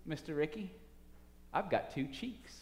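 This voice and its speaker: A preacher doing a calm, restrained young ballplayer. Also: male voice, very high-pitched, moderate pace, a little hiss or hum, pitched above the performer's own voice. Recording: echoey hall reverb.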